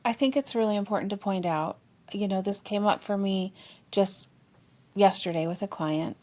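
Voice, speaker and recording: Expressive woman therapist. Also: mid-range voice, moderate pace. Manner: expressive, acts out inner dialogue with feeling. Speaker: therapist co-host. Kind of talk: podcast discussion on relationships.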